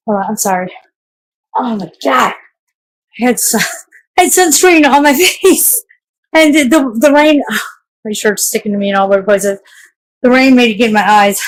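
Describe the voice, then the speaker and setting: Frazzled woman w a high voice swearing on her phone stream outside in the rain. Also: poor audio. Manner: frazzled, swearing, quick to vent. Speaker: livestreamer. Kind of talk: casual live-stream chat. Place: outdoors in a yard in the rain.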